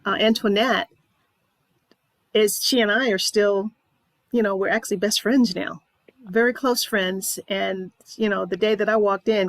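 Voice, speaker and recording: A woman's voice: mid-range voice, fairly even intonation, normal speed, dry recording. A woman hosting an interview, reminiscing casually with her guest and prompting him with questions. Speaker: host.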